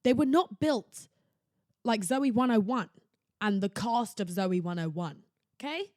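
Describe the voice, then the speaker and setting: A young woman hosting a podcast, talking in a theatrical, exclamatory way that jumps between loud outbursts and hushed asides. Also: medium pitch, animated, measured pace, no room sound, clean studio sound. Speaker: podcast host. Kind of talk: casual chatty monologue. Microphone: laptop recording setup.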